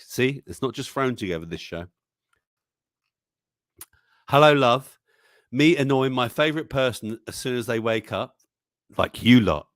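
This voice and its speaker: A man's voice: medium pitch, no echo, clean studio sound. A man hosting a casual live-stream news show, chatting and reading memes aloud, chuckling often and exclaiming over what he shows. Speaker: livestream news show host.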